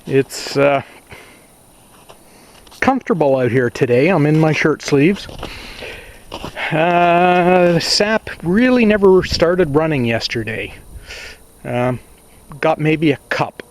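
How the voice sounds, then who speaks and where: A man narrating a casual vlog at his small off-grid cabin, talking slowly and plainly to himself with sighs and asides. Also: fairly high pitch. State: out of breath. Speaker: cabin owner filming his visit.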